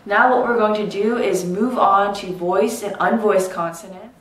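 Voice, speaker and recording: A woman teaching English pronunciation, saying each example word slowly and clearly. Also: mid-range voice. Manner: slow, clearly articulated teaching. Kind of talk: pronunciation lesson. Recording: echoey room, distant mic.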